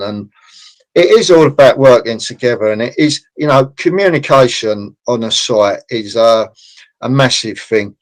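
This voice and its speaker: A construction consultant appears as a podcast guest, chatting casually and acting out conversations from building sites. His voice is mid-range, and the recording quality is low.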